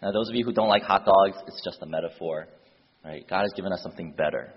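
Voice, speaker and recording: A man's low, husky voice races along as he preaches a sermon built around an animated story. He gives the characters their own voices and uses casual fillers, and the recording sounds dull and lo-fi in an echoing church hall.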